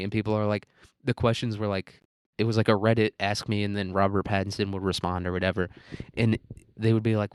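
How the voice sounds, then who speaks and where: A young American man with a fairly low voice rants on his solo podcast, full of profanity and loose fillers. The sound is close and dry, with no room around it. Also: steady tone, a little fast, a little mellow, no echo. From United States. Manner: profane, ranting, rambling with frequent fillers. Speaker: podcast host.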